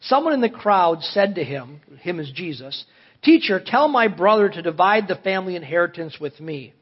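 Husky pastor preaching a sermon. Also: male voice, sits high, animated, normal speed. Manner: earnest, questioning the congregation, emphatic rises. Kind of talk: sermon with scripture reading. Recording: dull lo-fi audio.

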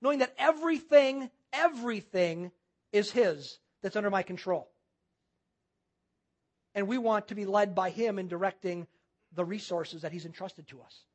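A man's voice: high voice, lively intonation, normal speed. A man preaching a sermon as pastor, using repetition and rhetorical questions.

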